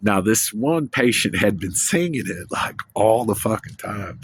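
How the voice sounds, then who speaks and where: A man's voice: on the low side, lively intonation, a little slow, slight background noise. A man talking to camera in a rambling personal monologue, losing his train of thought and swearing casually. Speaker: vlogger.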